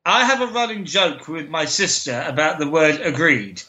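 A man co-hosting a podcast in casual chat, making blunt jokes and quick asides. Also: on the high side, animated, pushed and bright. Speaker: podcast co-host. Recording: echoey room.

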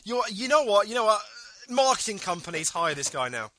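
Animated, bright-voiced man. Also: sits high, brisk. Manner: animated, laughs often, trails off and repeats words. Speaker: podcast co-host. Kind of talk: casual chat.

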